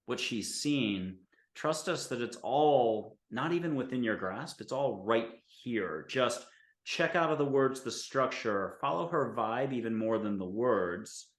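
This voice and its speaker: A man's voice: mid-range voice, animated, a little slow. An earnest male host addresses his viewers in a reassuring way before turning to his guest. His voice sits in the middle of the range. The recording carries a noticeable roomy echo. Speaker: show host. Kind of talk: interview talk show.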